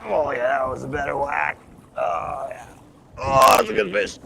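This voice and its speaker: A man commercial fishing on a boat, live-streaming to his chat and swinging from hyped shouts to low muttering. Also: expressive, a little slow, vocal fry, noisy background.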